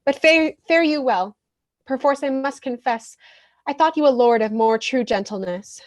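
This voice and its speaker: A woman's voice: sits high, moderate pace, natural voice. A woman playing the lovelorn young Helena, speaking verse with pleading emphasis in a community theatre reading.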